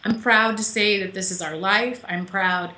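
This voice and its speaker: A woman's voice: mid-range voice, steady tone, normal speed, pushed and bright, echoey room, slight background noise. A woman author being interviewed over a call from her home office, chatty and emotional, laughing often. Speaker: author guest. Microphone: call audio.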